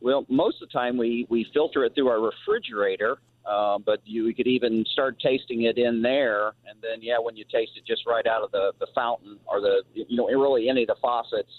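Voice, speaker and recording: A man's voice: mid-range voice, fairly quick, dry recording. A man calling in to a radio show, asking a question in a hesitant way and often repeating words. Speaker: caller. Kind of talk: phone call-in question. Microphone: telephone. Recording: tinny phone line.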